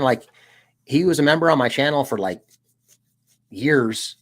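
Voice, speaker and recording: A relaxed young man from the United States chatting on his stream. He rambles loosely from story to story, tossing in "dude" and little laughs. His voice sits at a middle pitch for a man. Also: measured pace. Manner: rambling, laid-back, peppered with "dude" and laughs. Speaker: streamer and channel host. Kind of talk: casual livestream chat.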